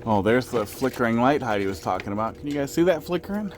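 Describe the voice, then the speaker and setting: A man's voice: mid-range voice, expressive, fast talker, a little hiss or hum. A man streaming a game, casually chatting with viewers and talking fondly to his cats. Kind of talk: casual live-stream chat.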